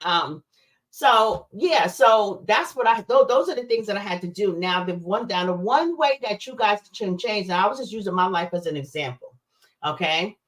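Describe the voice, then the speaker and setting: A woman's voice: medium pitch, lively intonation, normal speed. A woman hosting a casual motivational livestream. She talks in a chatty, emphatic way and breaks off to answer chat comments. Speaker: livestream host.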